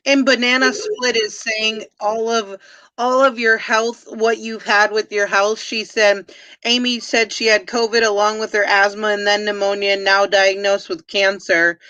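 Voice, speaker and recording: A woman hosts a live stream, casual and blunt as she relays the chat. Her voice is sharp and bright. The sound is dry and muffled, like a lo-fi stream. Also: medium pitch, flat delivery, a little slow, no echo. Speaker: host and medium. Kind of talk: live-stream chat, reading comments aloud.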